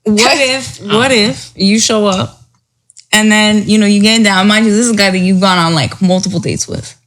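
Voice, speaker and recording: A young woman in her twenties co-hosting a casual chat podcast, telling stories in an animated way and laughing often. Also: mid-range voice, normal speed. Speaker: podcast co-host.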